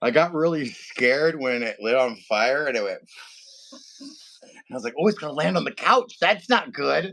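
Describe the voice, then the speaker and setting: Gravelly-voiced man telling a wild story. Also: a little high, unhurried. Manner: animated storyteller, acts out family members' voices. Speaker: podcast co-host. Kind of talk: casual storytelling chat.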